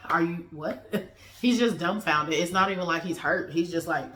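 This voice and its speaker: A woman with a fairly low voice recaps a TV episode in a loose, slangy way, dropping into the characters' lines along the way. The recording has a noticeable roomy echo. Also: unhurried, fairly bright tone. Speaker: TV episode reviewer. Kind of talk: casual review vlog.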